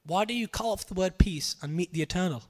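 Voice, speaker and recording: A man giving an animated storytelling sermon, repeating phrases and acting out voices. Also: high voice, quick pace. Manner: animated, repetitive, acts out voices. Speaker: Sikh preacher.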